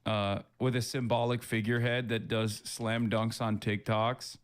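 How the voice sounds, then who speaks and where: A man's voice: fairly low pitch, a little slow, clean tone. A man streaming live, reacting to news clips with sarcastic, mocking commentary. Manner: sarcastic, animated, mocking asides.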